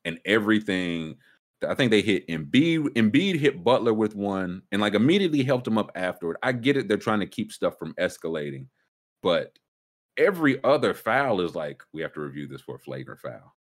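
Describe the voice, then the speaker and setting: A man hosting a casual sports talk show, ranting emphatically with sudden jumps up in pitch. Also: sing-song, normal speed. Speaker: sports podcast host.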